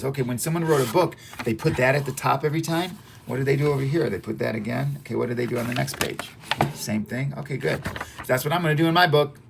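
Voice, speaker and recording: Male teacher, mid-pitched, audio lesson; reads his book aloud, repeats points, checks in with listeners. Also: gravelly, a little hiss or hum. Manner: chatty and repetitive, quizzing listeners with "right?" and "okay?". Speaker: teacher reading through his self-help book. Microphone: audio-only recording.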